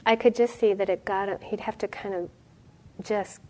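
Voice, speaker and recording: A middle-aged woman giving a dharma talk as a meditation teacher, reflective and storytelling, with soft pauses. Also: medium pitch, fairly even intonation, poor audio.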